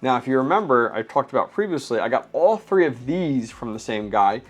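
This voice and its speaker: A man's voice: mid-range voice, big pitch swings, a little fast. A man hosting a casual unboxing vlog, chatting and explaining hardware step by step with frequent fillers. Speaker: crypto mining channel host.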